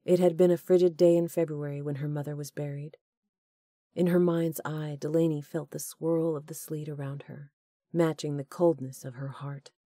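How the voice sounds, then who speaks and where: A woman narrating a romance audiobook in steady, measured storytelling. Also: deep voice, no echo, clean studio sound. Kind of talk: scripted narration.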